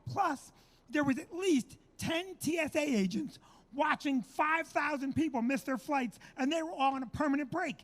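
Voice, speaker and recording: A man's voice: very high voice, normal speed, a bit bright. A middle-aged man, telling a comic story in a brash, profane, exaggerated way. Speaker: comedian host. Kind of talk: storytelling chat.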